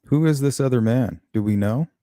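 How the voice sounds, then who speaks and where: A man's voice: medium pitch, normal speed, mellow, dry recording, clean studio sound. A man hosting a live true-crime stream, musing over a case and greeting viewers in chat. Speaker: host of a true-crime livestream. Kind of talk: casual live commentary.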